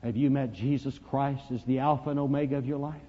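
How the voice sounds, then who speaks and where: A man preaching a sermon, telling a story dramatically and swinging from hushed to loud. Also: medium pitch, steady tone, quick pace. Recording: dull lo-fi recording, long reverb.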